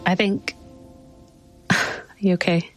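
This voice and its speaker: Gentle, supportive woman interviewer. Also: lowish voice, flat delivery, slow, faint music behind. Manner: gentle and supportive, reflecting back on what the guest says. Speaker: host. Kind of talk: interview conversation.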